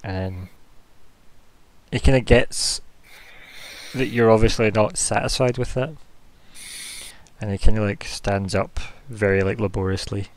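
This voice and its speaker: A man's voice: fairly low pitch, steady tone, a little slow, pauses often. A man narrating as game master of a tabletop game, rambling with lots of fillers. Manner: rambling, full of "kinda, like" fillers.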